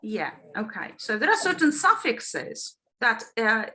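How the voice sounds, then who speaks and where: Lively teacher with a bright voice. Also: female voice, fairly high pitch, measured pace. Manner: explains patiently, often checks in with "yeah?" and "right?". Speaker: teacher trainer. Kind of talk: online phonology lesson. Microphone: video call.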